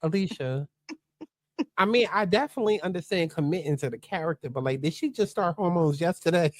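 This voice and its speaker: A woman reacting to reality TV clips, loud and mocking. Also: fairly low pitch, a little fast, no echo, studio quality. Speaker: commentary host reacting to clips. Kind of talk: reaction commentary.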